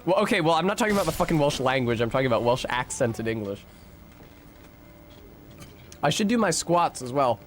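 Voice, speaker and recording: A young American man talking his way through a game stream, wandering from story to story and swearing freely. He reacts to the fight on screen and answers his chat in a loose, offhand way. His voice sits at an ordinary middle pitch, with a faint hiss of noise behind it. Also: very animated, brisk, pauses often. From United States. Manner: rambling, profane, chatty, answers chat while playing. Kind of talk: casual gameplay stream chat.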